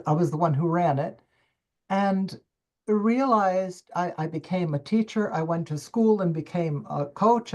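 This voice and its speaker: An older woman speaks on a video call as a summit guest, a coach recounting her path with emphatic, expressive storytelling. Her voice sits somewhat low for a woman, and she acts out her own inner dialogue with dramatic turns. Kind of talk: personal storytelling interview.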